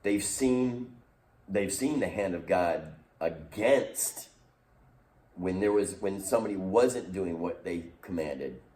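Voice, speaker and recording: A man's voice: low voice, animated, slow, dark tone. A man leading a recorded youth lesson as youth pastor, teaching in an earnest, emphatic way. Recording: roomy echo, distant mic.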